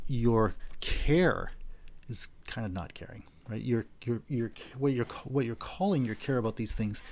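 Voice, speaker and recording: A man's voice: medium pitch, creaky, darkish tone. A middle-aged man lecturing on philosophy in a loose, conversational way, often repeating words as he searches for the phrasing. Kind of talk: university lecture.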